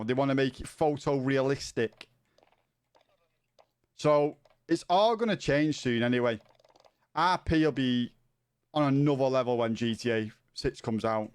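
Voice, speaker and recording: A man's voice: medium pitch, smooth. A man with a Scouse accent from Liverpool, chatting casually while streaming a game, eager and insistent, swearing often. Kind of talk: casual gaming chat.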